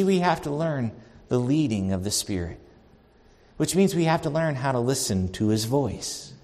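A man preaching a sermon as pastor, animated and swinging between loud and soft. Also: medium pitch. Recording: long reverb of a large hall.

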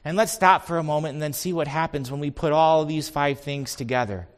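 A man's voice: fairly high pitch, brisk, hardly any pauses. A man pastor delivering an earnest sermon, telling stories and building to emphatic points. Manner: earnest, storytelling preacher with rising emphasis.

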